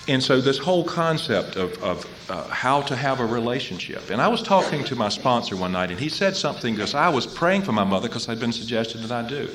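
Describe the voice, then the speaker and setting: A man's voice: medium pitch, big pitch swings, brisk, hardly any pauses, a bit bright, slight background noise. A man speaking at a recovery convention, telling his story and repeating phrases to drive them home. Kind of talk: personal recovery talk. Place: convention hall.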